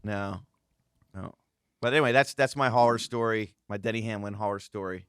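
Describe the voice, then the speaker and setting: A man in his thirties telling a casual, animated story on a podcast, acting out the voices of the people in it. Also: fairly low pitch, moderate pace, clean tone, dry recording, studio quality. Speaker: guest host, former racing driver.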